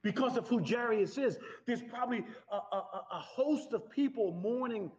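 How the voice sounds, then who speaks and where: A man preaching a sermon in an animated, conversational way. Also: very high voice, moderate pace, breathy edge. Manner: animated, conversational preaching with laughs and acted-out quotes. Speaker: pastor. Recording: dull lo-fi sound.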